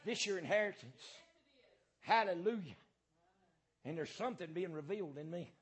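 A man preaching a fiery sermon as pastor, hammering points through repetition and filling pauses with "uh" and "um". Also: high voice, lively intonation, slightly rough.

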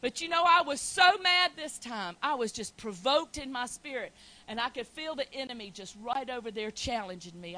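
Bright-voiced woman preaching a sermon. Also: lively intonation, normal speed, a little hiss or hum, rough recording. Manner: builds from low storytelling to loud, shouted preaching.

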